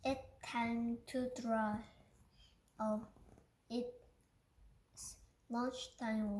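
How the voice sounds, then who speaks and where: A woman's voice: a little high, fairly even intonation, drawn-out words, long pauses, darkish tone, roomy sound, a little hiss or hum. A woman whose first language is Korean reads a picture book aloud carefully, stumbling and restarting on words. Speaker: reader.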